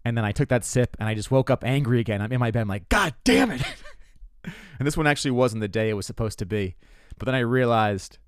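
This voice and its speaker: A man's voice: medium pitch, fast talker, clean tone, no room sound, clean studio sound. A man in his twenties, a comedian and host, telling stories in a rambling, profane, self-mocking way, full of restarts. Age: 20s. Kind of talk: casual comedic monologue.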